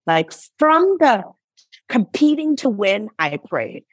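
A woman in her thirties, a company founder in a conversational interview, telling lively stories and acting out her own past lines. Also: mid-range voice, slow, dry recording. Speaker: founder and CEO, interview guest.

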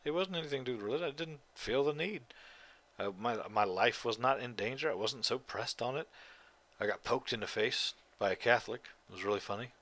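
A man's voice: medium pitch, brisk, a bit bright. Tired, profane man rambling solo. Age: adult. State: tired, yawning. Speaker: podcast host. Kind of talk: casual solo monologue.

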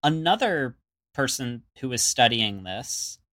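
A man's voice: medium pitch, big pitch swings, slow, sharp tone. A man co-hosting a casual podcast, talking in a rambling way with many fillers and restarts. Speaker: podcast co-host. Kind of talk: casual chat.

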